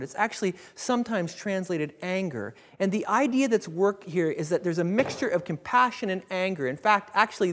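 A man preaching a sermon in an animated way, acting out the voices of biblical figures. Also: high voice. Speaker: pastor. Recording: reverberant hall.

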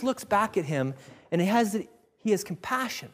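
A man preaching a sermon in an animated way, acting out the voices of biblical figures. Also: high voice, normal speed. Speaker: pastor. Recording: reverberant hall.

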